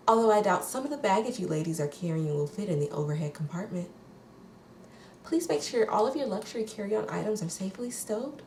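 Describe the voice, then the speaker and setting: A woman imitating a TV personality doing a hushed, sing-song flight-attendant announcement. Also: mid-range voice, roomy sound, distant mic, a little hiss or hum, pitched above the performer's own voice, lightly acted.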